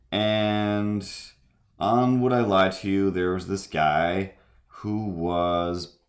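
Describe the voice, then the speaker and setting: A man chatting casually while drawing on a live stream, rambling and self-deprecating. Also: deep voice. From near Cape Breton, Canada.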